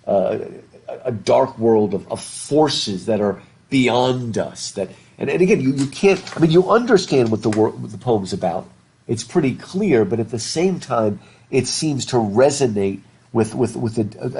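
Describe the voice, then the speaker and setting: A middle-aged man lectures a live class, his voice slightly husky and breathy. He rambles and often trips over repeated words, breaking off to put questions to the students. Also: medium pitch, darkish tone. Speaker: literature professor. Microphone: worn mic while masked.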